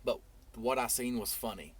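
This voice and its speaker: A man telling a long story casually in a vlog, rambling, and getting animated when he quotes others. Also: mid-range voice, moderate pace, husky. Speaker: trucking YouTuber.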